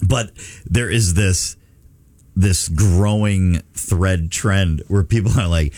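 Male radio co-host, fairly low, dry close mic, rambling storyteller. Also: slow, a little mellow, no echo. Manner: chatty storyteller who laughs at his own points. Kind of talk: casual morning radio banter.

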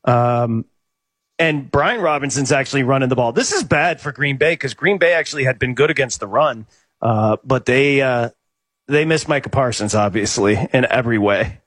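A man's voice: medium pitch, lively intonation, a bit bright, dry recording. A man co-hosting a live sports betting show, rattling off game stats and chatting about the play. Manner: rapid stat-heavy game updates.

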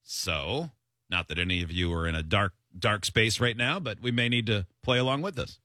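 A man hosting a radio show, chatting casually and telling stories with quick jokes. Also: on the low side, no room sound, studio quality. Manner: quick, joking, animated storyteller. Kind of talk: casual banter on air.

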